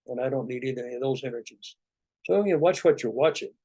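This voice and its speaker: A man giving a relaxed, rambling spiritual talk to his students as a meditation teacher, speaking conversationally with many asides. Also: mid-range voice, fast talker, breathy edge, no echo.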